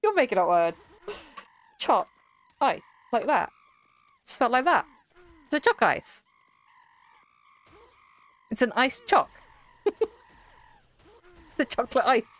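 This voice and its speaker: A woman's voice: fairly high pitch, very animated, a little slow, pauses often, fairly bright tone, no echo. A young woman streaming, chatting casually with her live chat in a rambling, giggly way.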